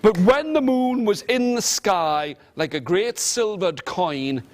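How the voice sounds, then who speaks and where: A man telling a fairy tale to children with animated, rhythmic repetition, coaxing his listeners to join in. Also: sits high, takes it slowly, slight background noise. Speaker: storyteller. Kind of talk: interactive storytelling to children.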